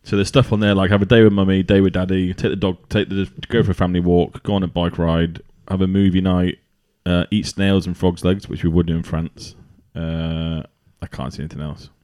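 A man's voice: low voice, level tone, fairly quick, few pauses, a little mellow, clean tone. A man, chatting casually as a podcast co-host and rambling with fillers. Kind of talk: casual chat.

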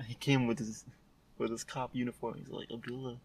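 A man's voice: mid-range voice, flat delivery, fairly quick, noisy background. A young man chatting casually with friends, rambling through anecdotes. He laughs often, swears freely and acts out other people's lines as he tells a story. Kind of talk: casual chat.

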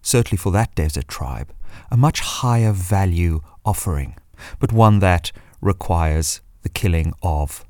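A man talks through a reflective solo monologue with a low, deep voice. He muses and searches for his words, and sometimes reads passages aloud. The sound is dry and close, with no room around it. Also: vocal fry, a little mellow, no room sound. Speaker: podcast host.

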